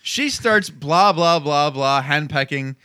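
Swearing podcast dude recapping scenes, brightish voice, dry close mic. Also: male voice, on the high side, clear, resonant tone, no room sound. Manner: profane, recaps scenes with quick impressions. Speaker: podcast host. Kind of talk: casual chat.

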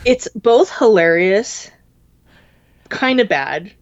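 This podcast co-host, a woman in her thirties, speaks slowly and expressively in a mid-range voice. She tells a long, rambling story packed with fillers during a casual chat, captured on dull lo-fi audio.

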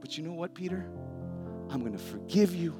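A man voicing Jesus as a loving, familiar friend who speaks in a warm, pleading way and calls people buddy and man. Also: on the high side, animated, a little fast, close to an everyday voice. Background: soft guitar music.

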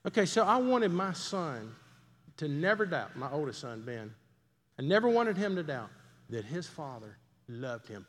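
Brief: middle-aged man, folksy storytelling preacher, slightly high, animated voice, echoing church hall. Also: normal speed, long pauses. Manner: folksy, conversational, asks the crowd questions. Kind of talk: storytelling sermon. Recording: long hall reverb.

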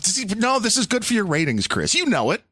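A man's voice: sits high, huge pitch swings, brisk, sharp tone, no room sound, studio quality. A man joining a casual podcast chat, earnest and conciliatory. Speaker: podcast guest. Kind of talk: casual live-stream chat.

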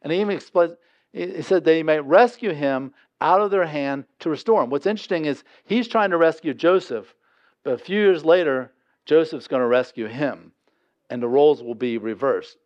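A man preaching a casual, conversational sermon with a slightly high voice. He keeps tossing rhetorical questions at his listeners and then answering them. The recording sounds a little dull and lo-fi. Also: normal speed, a little mellow. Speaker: pastor.

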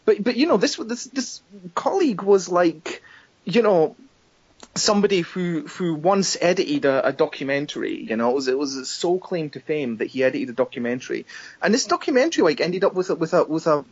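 A Scottish man talks fast and loose on a podcast, swearing and restarting his sentences as he rants. His voice sits high and swings widely, with a husky edge. The recording sounds dull and lo-fi. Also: very animated. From Scotland. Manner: ranting, sweary, many restarts and fillers. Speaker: documentary maker and podcast guest. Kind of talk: casual podcast chat.

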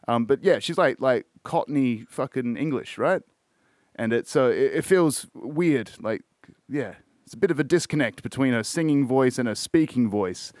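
A man's voice: medium pitch, dry recording, clean studio sound. Rambling, swearing man. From Australia. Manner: rambling, heavy swearing, lots of fillers. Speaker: podcast host. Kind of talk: casual music podcast chat.

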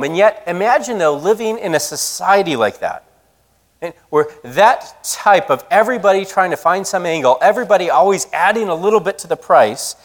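A man preaching a sermon, telling a story in a lively, conversational way. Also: high voice, in a large hall. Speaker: pastor.

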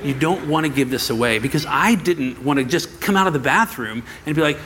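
Animated man preaching a story. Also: a little high, fairly quick, slight background noise. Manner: animated storytelling, acts out quoted voices. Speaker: pastor. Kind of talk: sermon storytelling to a congregation. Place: church sanctuary.

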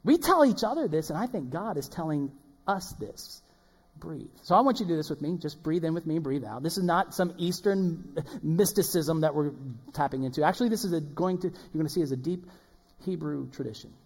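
A man preaching a sermon as pastor, swinging between loud emphatic lines and hushed ones. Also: a little high, animated, brisk, breathy edge. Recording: long hall reverb.

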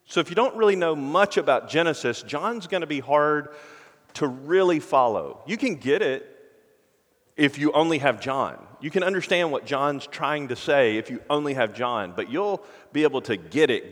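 A man preaching from the pulpit at a middle pitch, earnest and deliberate. He often sinks to a hushed, intense tone to press a point home. His voice rings with a long, spacious reverb. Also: lively intonation. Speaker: pastor. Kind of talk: sermon.

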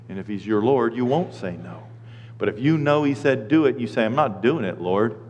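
A middle-aged man preaching a sermon as pastor, animated and acting out the voices of people and God. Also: lowish voice, long reverb tail.

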